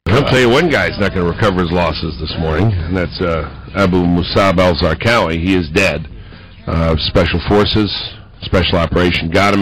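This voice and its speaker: A man's voice: sits low, fairly bright tone, slightly rough, low-quality recording. A man hosting a talk radio show, speaking in a sarcastic, mocking way. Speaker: radio host.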